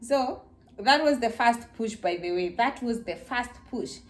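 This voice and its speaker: A woman's voice: on the high side, unhurried. A young woman casually telling viewers her birth story, acting out her screams and the voices of others. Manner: animated, acts out her screams and quotes.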